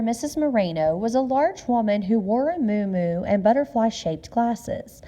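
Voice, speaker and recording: Mellow woman reading a story aloud. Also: on the high side. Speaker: narrator.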